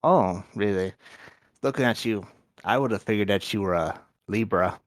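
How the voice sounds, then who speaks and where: A man's voice: lowish voice, moderate pace, dry recording, lightly acted. A man playing a sly scheming gang agent. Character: smooth, scheming male gang representative. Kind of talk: voicing a character in a tabletop game.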